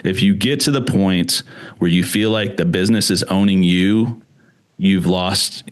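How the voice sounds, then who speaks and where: A man's voice: sits low, unhurried. A man telling a long story as a podcast guest in casual chat, with many fillers and restarts. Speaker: guest, screen print shop owner.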